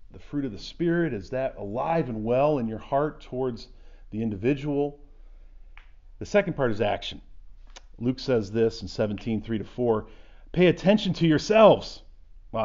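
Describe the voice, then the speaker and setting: A man's voice: medium pitch, a little mellow. A man giving an earnest Bible class talk, reading scripture aloud with rising emphasis and explaining it. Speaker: Bible teacher. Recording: dull lo-fi recording.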